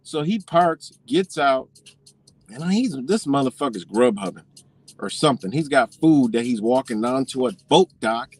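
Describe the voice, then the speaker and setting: A man casually telling a story as a vlogger, swearing freely and animated as he talks. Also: medium pitch, moderate pace, no echo.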